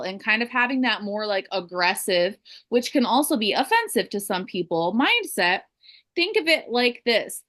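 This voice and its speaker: A woman leading a book club discussion in casual chat, animated and acting out quoted voices. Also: a little high, moderate pace. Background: children crying in background.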